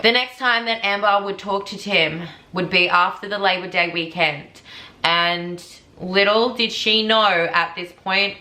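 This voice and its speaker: A woman's voice: fairly low pitch, sharp tone, roomy sound. A woman vlogger casually retelling a true crime case in a chatty, conversational way.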